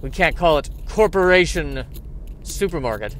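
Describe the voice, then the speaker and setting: A man's voice: on the high side, lively intonation, moderate pace, fairly bright tone, a little hiss or hum. A man doing a solo comedy podcast monologue, rambling and mocking himself while he struggles to remember a name. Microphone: podcast mic.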